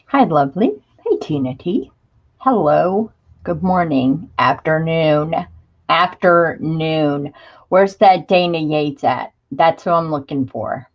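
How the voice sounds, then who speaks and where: A woman's voice: deep voice, very animated, unhurried, breathy edge, dull audio. A woman hosting a crafting livestream, chatting casually and gushing as she greets viewers by name and shows craft supplies. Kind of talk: casual live chat while showing craft supplies.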